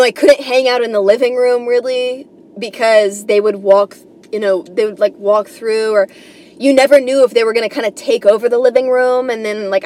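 A young woman from New York rambles through a comedy podcast monologue, swearing freely and filling her sentences with "like" and "you know". Her voice sits a little on the high side. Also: darkish tone. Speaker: podcast host.

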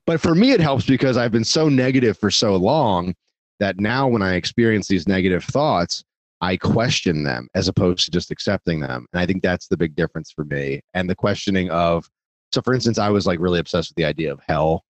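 A man's voice: sits low, fairly quick, no echo. A man talking casually on a podcast, rambling, swearing freely and poking fun at himself. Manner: rambling, profane, self-deprecating. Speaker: podcast guest.

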